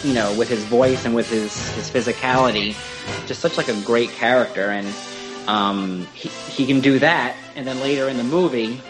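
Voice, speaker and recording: A man in mid register co-hosts a relaxed podcast chat, gushing about a topic with plenty of "you know"s and restarts. His delivery is eager and meandering. Soft music sits faintly underneath. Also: medium pitch, normal speed, rough recording. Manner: enthusiastic, rambling, with many fillers. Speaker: podcast co-host. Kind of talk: casual podcast discussion of film performances.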